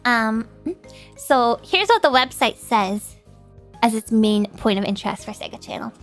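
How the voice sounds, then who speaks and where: A woman's voice: on the high side, normal speed, fairly bright tone, faint music behind. A woman streamer chatting casually with her viewers, laughing often and greeting chat, her nose stuffed up.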